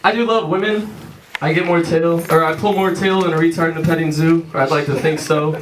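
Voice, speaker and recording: A young man performing a crude stand-up comedy set on a theater stage, telling loose stories and switching into quick voices for his friends. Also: a little high, steady tone, far from the mic, a little hiss or hum. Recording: echoey room, mic heard from afar. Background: audience laughter.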